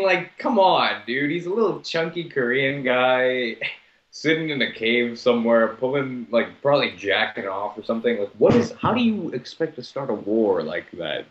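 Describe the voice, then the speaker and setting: A man's voice: medium pitch, fairly bright tone, roomy sound, muffled recording. A young man co-hosting a casual talk show over video chat, with crude, laughing banter. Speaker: co-host.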